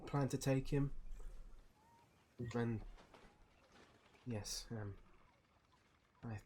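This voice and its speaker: A man's voice: medium pitch, darkish tone, a little hiss or hum. Brief: a man playing a composed, formal gang leader. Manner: formal, measured speech. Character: dignified male crime boss, formal and measured.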